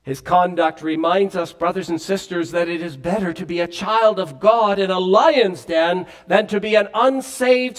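Male pastor preaching, pretty high voice, earnest, rises and drops for emphasis. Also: a bit bright. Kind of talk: sermon.

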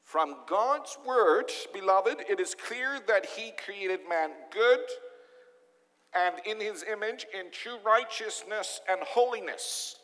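A pastor preaches a sermon from the pulpit, driving home his points emphatically with repeated rhetorical questions. His voice is high for a man, bright and forceful, with lively intonation and a slow delivery. Long reverb trails after his words, as in a large church.

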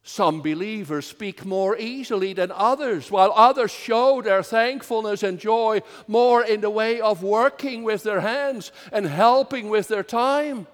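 High-voiced slow-preaching man in a church. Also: long reverb tail. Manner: slow, earnest preaching with swells of emphasis. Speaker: minister. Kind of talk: sermon.

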